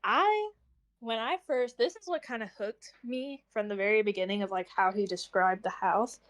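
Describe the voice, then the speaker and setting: She's a young adult co-hosting a book club stream, speaking at a normal speed in a mid-range voice. Animated and casual, she acts out characters' lines and fills her talk with "like."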